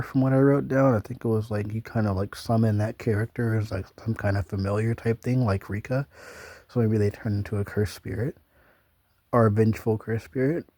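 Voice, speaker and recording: Low, mellow young man rambling casually. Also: dry recording. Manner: loose and meandering, many ums and casual swearing. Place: small room, flipping through notebook pages.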